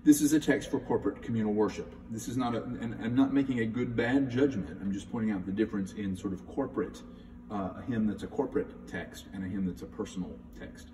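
A middle-aged man with a low, mellow voice talks thoughtfully about hymns, reading the verses aloud with care. He is heard from a distance in a large church with a long, echoing reverb. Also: fast, slight background noise. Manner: thoughtful, conversational, reads hymn texts with emphasis. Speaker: church music director. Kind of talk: spoken hymn talk with readings.

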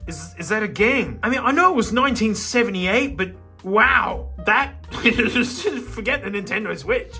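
A man's voice: very high voice, measured pace, faint music behind. A man with an Australian accent, chatting casually and laughing as he reacts to an old car magazine. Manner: laughing, excitable, jokey asides. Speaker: YouTube host. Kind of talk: casual commentary while flipping through an old car magazine.

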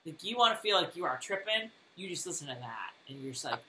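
A woman co-hosting a casual recap chat over a video call, emphatic and animated. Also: lowish voice, quick pace, slight background noise. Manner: animated, emphatic, laughs often. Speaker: podcast co-host. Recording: echoey room over a call.

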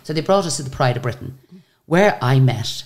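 An Irish woman with a very deep voice telling lively anecdotes in a casual interview. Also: a little fast. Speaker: singer and guest.

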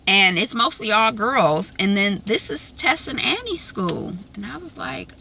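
Bright-voiced woman recapping a show. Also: mid-range voice, moderate pace, gravelly, hardly any pauses, slightly rough, low-quality recording. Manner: animated retelling, chatty with frequent "um" and "like"; slangy, opinionated asides. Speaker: TV recap vlogger. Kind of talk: casual episode recap and review.

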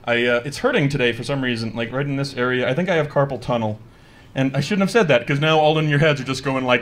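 On a live comedy stage, a man with a medium-pitched, fairly bright voice speaks fast and expressively into a handheld mic. The stand-up set is chatty, he mocks himself, and he performs quoted voices.

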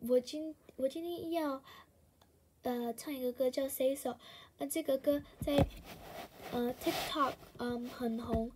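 A woman's voice: sits high, a little mellow, husky. A woman chatting casually to camera before singing a cover, hesitant, with many fillers and restarts. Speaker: singer doing a cover.

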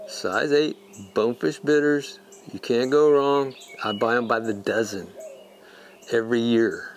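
A man's voice: mid-range voice, fairly even intonation, measured pace, a little hiss or hum. A man giving a casual, folksy fly-fishing tutorial, emphatic and repeating words for stress. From Texas.

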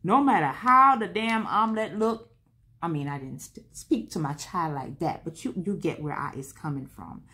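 A woman's voice: fairly low pitch, expressive, normal speed, sharp tone. A woman hosting a home vlog, chatting casually and candidly while she crafts, rambling and talking to herself as she works. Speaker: vlog host.

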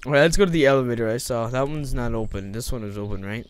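A man giving casual let's-play commentary, chatty and excitable, often breaking into surprised exclamations. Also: mid-range voice, fast, a little hiss or hum. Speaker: gameplay commentator.

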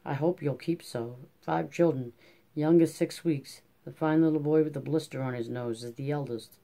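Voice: medium pitch, fairly even intonation, normal speed, warm tone, natural voice. Miss Tox, a reader voicing a prim genteel spinster. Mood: polite. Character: prim genteel spinster lady, fussy and polite. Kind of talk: audiobook character reading.

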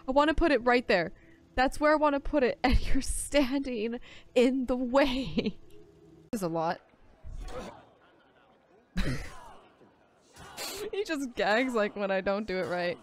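A woman's voice: on the high side, a little slow, long pauses, soft background music. Exasperated woman streamer, laughing and swearing. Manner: swears freely, laughs often, exasperated outbursts. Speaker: game streamer. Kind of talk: casual gaming commentary.

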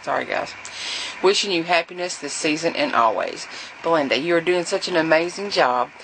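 A woman's voice: low voice, animated, normal speed, background noise. A woman, chatting casually to camera in a rambling way, with fillers and restarts. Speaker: vlogger.

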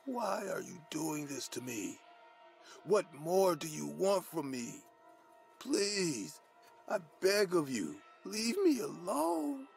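A man voicing a terrified, badly burned man who whispers and pleads in a drawn-out, sobbing way in a horror storybook. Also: high voice, sing-song, vocal fry, darkish tone, faint music behind, voice pushed up, exaggerated voice. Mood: pleading.

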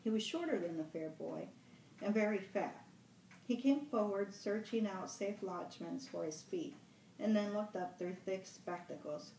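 A woman reads a novel aloud at a steady, measured pace, in a middling voice. The room is roomy and she sits back from the mic, with faint ambience behind. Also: fairly low pitch, recorded from a distance, slight background noise. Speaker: library director.

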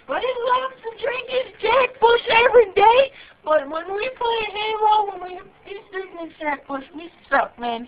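A woman playing a whiny, excitable redneck cousin who stammers and whose voice cracks. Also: sits high. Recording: muffled lo-fi home recording.

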